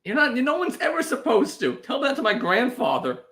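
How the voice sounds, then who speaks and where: A man's voice: very high voice, big pitch swings, brisk, sharp tone. A man co-hosting a comedy podcast, telling wry stories about home life in a casual, joking manner. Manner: wry, storytelling, dry jokes. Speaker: podcast co-host.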